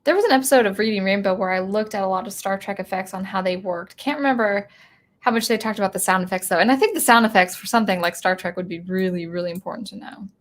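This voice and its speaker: A woman with a medium-pitched voice talks fast while hosting a music live stream. She keeps it casual and rambling, restarting often as she reads out viewer comments.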